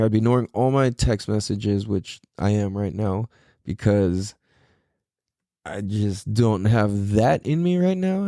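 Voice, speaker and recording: A man's voice: on the low side, dark tone, dry recording, clean studio sound. A tired young man hosting a casual solo podcast, talking in a laid-back, slangy way with a lot of swearing. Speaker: podcast host.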